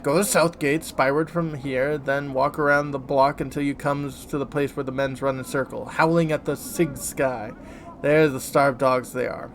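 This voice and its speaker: A man's voice: mid-range voice, steady tone, normal speed, a little hiss or hum, close to an everyday voice. A man reading the lines of a bitter, scarred woman in a game, with broken grammar and a blunt, angry manner.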